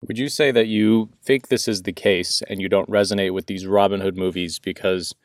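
A deep-voiced man in casual podcast banter, cracking jokes, swearing, and teasing his co-host. He speaks with a loose, irreverent manner. The sound is dry and close to the mic. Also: steady tone, a little fast, no room sound. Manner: joking, profane, teasing. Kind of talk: casual movie review chat.

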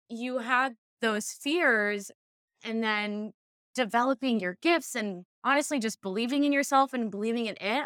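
A woman's voice: mid-range voice, a bit bright, no echo, clean studio sound. A woman hosting a podcast, asking her guest questions in an effusive, encouraging way. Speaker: podcast host. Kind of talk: interview questions.

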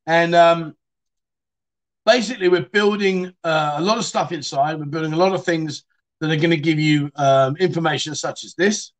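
A man's voice: fairly high pitch, normal speed. A man hosting a casual livestream chat show, reading out viewer stories and telling his own in a chatty, cheeky way. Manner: chatty, cheeky storyteller who laughs as he goes.

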